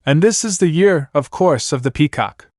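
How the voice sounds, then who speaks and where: A man voices a nervous male wolf who leads a band of henchmen. His pitch is fairly high and pushed up, yet close to an everyday voice, with lively intonation at a normal speed. The recording is dry and clean, studio quality.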